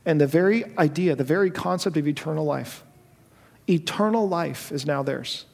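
A man's voice: fairly high pitch, moderate pace, vocal fry, darkish tone. A man preaching a sermon to a congregation, with an impassioned delivery that rises to emphatic peaks. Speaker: pastor. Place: church sanctuary with congregation. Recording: long church hall reverb.

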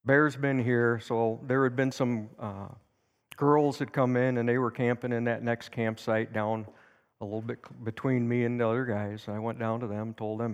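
A man's voice: medium pitch, normal speed, in a large hall. A man teaching at a church service, telling a personal story in a folksy way and acting out the quotes. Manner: anecdotal, folksy, with lively acted quotes. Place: church sanctuary.

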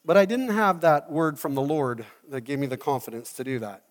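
A man preaching a sermon as a pastor, telling the story in an animated way and acting out the scenes. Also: on the high side, brisk, long reverb tail. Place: church hall.

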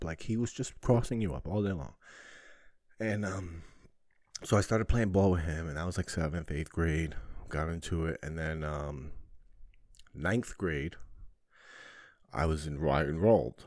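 Deep-voiced man telling rambling stories. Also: steady tone, unhurried, long pauses, darkish tone, dry recording, studio quality. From New Jersey, US. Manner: rambling, profane, jokey. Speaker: podcast host. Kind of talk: personal storytelling monologue.

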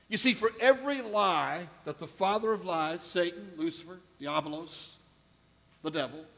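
A male pastor delivers a sermon with emphatic repetition and direct appeals to his listeners. His voice sits a little high for a man. The sound carries a long reverb from a large church hall. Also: fairly bright tone. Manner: emphatic, repeats phrases, addresses congregation directly.

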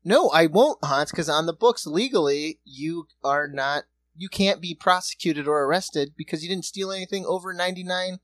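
A man in his thirties cracking quick, profane jokes in casual comedic chat as a podcast co-host. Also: a little high, fairly bright tone. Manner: quick joking interjections, swears freely.

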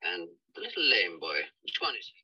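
An actor playing a polite older gentleman in a period film, speaking courteous, clipped dialogue. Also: deep voice, wildly swooping pitch, normal speed, dry recording, heavily acted. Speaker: film character. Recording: dull distant film audio.

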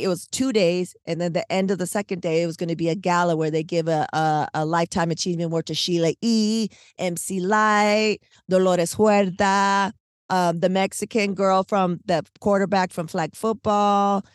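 A woman co-hosting a podcast, telling a long story in casual, animated, slangy chat, full of "like" and "right?". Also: fairly low pitch, moderate pace, no room sound, clean studio sound. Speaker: podcast co-host.

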